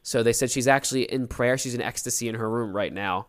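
Man telling a lively story, smooth voice. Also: medium pitch, quick pace. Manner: animated storyteller acting out quotes. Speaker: podcast co-host. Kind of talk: casual storytelling chat.

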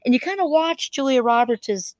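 A woman's voice: high voice, animated, moderate pace, darkish tone, dry recording. Chatty woman in her fifties, dry close sound. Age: 50s. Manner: rambling, full of "you know" and restarts. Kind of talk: casual reflective monologue.

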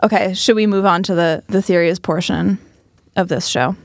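A woman's voice: on the low side, steady tone, moderate pace. A woman co-hosting a podcast in casual chat, blunt and sarcastic, swearing casually. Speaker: podcast co-host.

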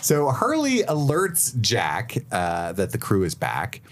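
Guy with a lowish voice, super lively, chatty podcast recap, jumps into character bits. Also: slow pace. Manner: animated recap, acting out characters' lines. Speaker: podcast co-host recapping episodes. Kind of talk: casual chat.

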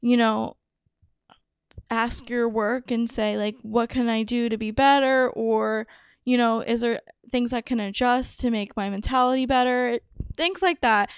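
A woman's voice: on the high side, clear, resonant tone, no echo, clean studio sound. A young adult woman hosting a podcast, telling a personal story casually with lots of "like" and dramatic asides. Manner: chatty, lots of "like", dramatic retelling. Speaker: podcast host.

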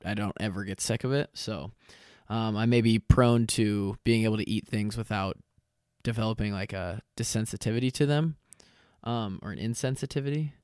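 A young man hosting his own podcast in casual chat, tired and lightheaded from fasting, rambling and correcting himself with lots of fillers. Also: lowish voice, darkish tone, clear, resonant tone, no echo, clean studio sound. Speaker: podcast host. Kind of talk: casual solo podcast talk.

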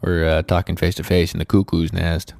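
Rambling deep-voiced man, dry close sound. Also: monotone, fairly quick, gravelly, a little mellow, no room sound. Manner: rambling, lots of fillers and goofy bits. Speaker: podcast co-host. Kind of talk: casual chat.

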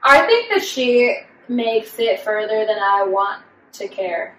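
A woman's voice: on the high side, animated, slow pace, a bit bright, recorded from a distance. Chatty young woman co-host, echoey room. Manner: chatty, many "like" fillers, mimics voices in stories. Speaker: podcast co-host. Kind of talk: casual chat. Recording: echoey room, a bit off-mic, faint background noise.

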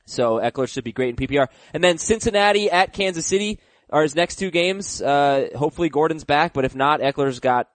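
A man hosts a casual sports podcast, talking things through with plenty of fillers and playful exaggeration. His voice is close and dry, with no room echo. He sounds mid-pitched and relaxed. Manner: thinks aloud with fillers and restarts, jokey. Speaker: podcast host.

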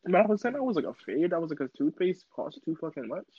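A young man in casual chat who jokes and mimics people with sudden high squeals. His voice is husky and rather high, with a lively, wide pitch. The sound is dry and dull, with a muffled top end. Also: quick pace, no room sound. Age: young adult.

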